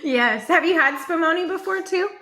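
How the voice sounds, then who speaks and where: A woman's voice: extremely high pitch, normal speed, pushed and bright, poor audio. A woman co-hosting a podcast, chatting casually in an upbeat way and laughing often. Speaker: podcast co-host. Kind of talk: casual chat.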